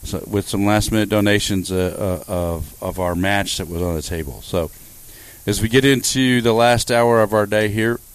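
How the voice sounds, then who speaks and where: A man's voice: on the low side, normal speed, clean tone, dry recording. A man hosting a radio pledge drive, thanking donors in a rambling way full of uhs. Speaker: radio host.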